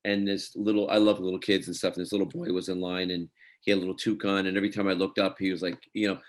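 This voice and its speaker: A man, an actor guest, telling a lively anecdote on a video call and acting out the people in it. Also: sits low, quick pace. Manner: animated storyteller, acts out voices in his anecdote.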